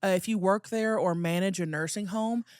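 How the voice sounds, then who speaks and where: A woman's voice: medium pitch, moderate pace, a little mellow, clear, resonant tone, dry recording, clean studio sound. Woman co-hosting a podcast. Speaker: podcast co-host. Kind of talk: casual chat.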